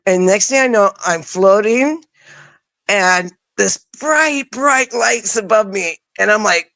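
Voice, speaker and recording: A woman guest recounts a personal experience in plain, casual speech, slipping into lively re-enactments of what she said at the time. Her voice sits at a middling pitch, and the sound is dry and close. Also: normal speed, no room sound. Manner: animated, acts out her own past words; casual, informal wording. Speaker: interview guest. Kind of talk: personal storytelling.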